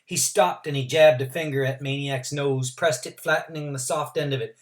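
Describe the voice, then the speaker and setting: A man's voice: fairly high pitch, steady tone, normal speed, few pauses. Male teacher, reads a novel aloud to students, stops for asides and explanations. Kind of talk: reading a novel aloud to a class.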